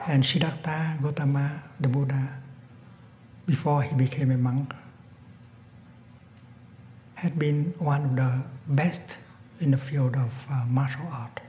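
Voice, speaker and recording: A man giving a Buddhist dharma talk, telling a story in a calm, gentle way that often falls to a near whisper. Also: medium pitch, measured pace, long pauses, slight background noise. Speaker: Buddhist teacher. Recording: echoey hall, long reverb.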